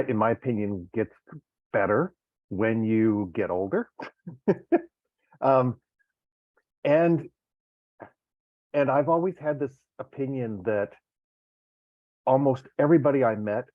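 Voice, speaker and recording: A man's voice: medium pitch, no room sound. Hesitant man over a tinny call. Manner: hesitant, repeats words often. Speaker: meetup participant. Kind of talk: casual group discussion. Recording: tinny phone-like line.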